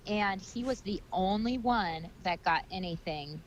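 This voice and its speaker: A woman's voice: medium pitch, measured pace, lo-fi sound, slight background noise. A woman in casual chat as a paranormal investigator, chiming in and laughing. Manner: chatty, laughs, chimes in.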